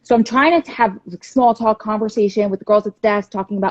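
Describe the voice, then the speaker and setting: A woman's voice: medium pitch, steady tone, fast, darkish tone, no echo, dull audio. A woman in her thirties, a support group founder, candidly telling her personal story in a livestream interview.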